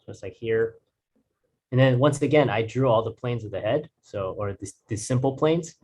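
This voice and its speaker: A man's voice: mid-range voice, moderate pace, darkish tone, slight background noise. A man teaching drawing in a casual, rambling way, restarting sentences and using fillers. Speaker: art instructor.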